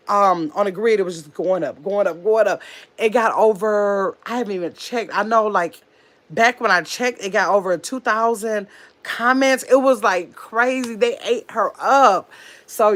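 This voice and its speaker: Chatty woman hosting a livestream. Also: medium pitch. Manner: chatty, animated storyteller, reads comments aloud. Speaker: livestream host. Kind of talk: casual livestream chat.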